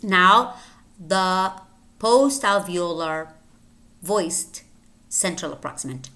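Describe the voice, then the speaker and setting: A woman whose first language is Spanish teaches English pronunciation at a very slow, careful pace. She repeats each word with pauses between items. Her voice sits fairly low yet sounds bright and clear. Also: expressive. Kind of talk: slow, deliberate pronunciation lesson.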